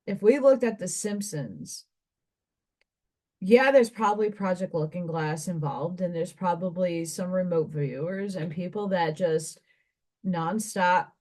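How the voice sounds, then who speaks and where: A woman's voice: on the low side, a little slow, a little mellow. A woman giving a spiritual card reader's monologue to her viewers, meandering and conversational and thinking aloud with asides.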